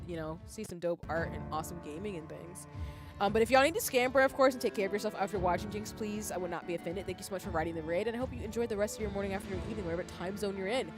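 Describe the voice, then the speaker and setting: A woman live streamer chatting casually and warmly with her viewers, rambling with fillers. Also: lowish voice.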